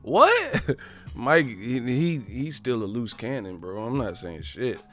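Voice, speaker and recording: A man's voice: mid-range voice, big pitch swings, takes it slowly, fairly bright tone, faint music behind. A man hosting a live boxing stream, chatting casually in slang, swearing and laughing often. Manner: slangy, swearing, laughs a lot, does voices. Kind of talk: casual livestream chat.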